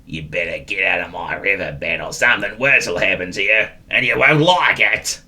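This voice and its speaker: A man voicing a grumpy male electric eel with a gruff, grumbling voice. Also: deep voice, normal speed, bright, forceful tone, exaggerated voice. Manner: grumbling, threatening.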